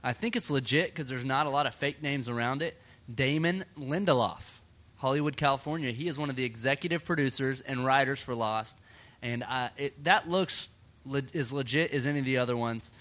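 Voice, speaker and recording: A young man from Texas with a Texan accent, hosting a casual podcast chat, chatty and quick to laugh. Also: mid-range voice, a bit bright. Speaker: podcast host.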